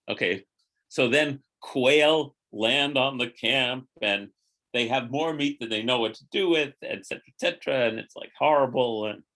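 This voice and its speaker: A man's voice: medium pitch, normal speed. Rabbi, middle-aged man, storytelling teacher; conversational, acts out the characters. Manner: animated storyteller, acting out quotes in lively voices. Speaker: rabbi teaching a Torah class. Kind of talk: informal Torah teaching.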